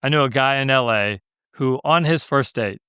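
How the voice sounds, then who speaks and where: A man's voice: mid-range voice, moderate pace, pushed and bright, clear, resonant tone, no echo, clean studio sound. A young man hosting a podcast, telling stories in a laid-back, joking way. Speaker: podcast host. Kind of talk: casual storytelling monologue.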